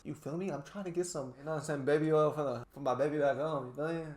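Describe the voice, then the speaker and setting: A man's voice: fairly high pitch, steady tone, fast, a little mellow. A man reacting to a video on stream, casual and blunt, full of slang and swearing.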